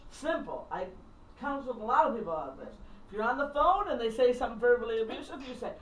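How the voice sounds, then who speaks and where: A woman's voice: fairly high pitch, expressive, quick pace, lo-fi sound. A middle-aged woman minister and counselor giving a casual, blunt and candid teaching talk to a small group, acting out phone calls. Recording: roomy, distant mic, faint background noise.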